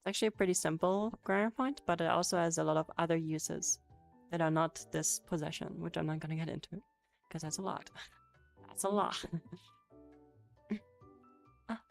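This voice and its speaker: A woman's voice: fairly low pitch, moderate pace, vocal fry, pauses often. A woman streaming a casual Japanese lesson on a headset, answering chat with giggles and swearing. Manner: giggly, swears, chatty and loose. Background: faint music playing.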